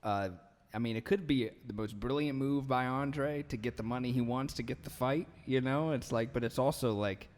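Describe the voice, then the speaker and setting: A man's voice: medium pitch, normal speed, hardly any pauses, a little mellow. A man hosting a casual podcast chat who rambles and fills his talk with "you know" and "like.". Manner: rambling, filler-heavy, self-interrupting. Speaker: podcast host. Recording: long echoey room reverb.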